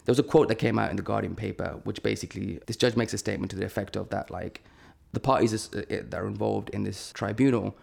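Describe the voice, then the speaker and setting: A man tells a long story in a loose, rambling way, piling up fillers as he goes. His voice sits low with a gravelly edge, and he talks very fast. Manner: animated, rambling with many fillers. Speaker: podcast guest. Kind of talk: casual storytelling.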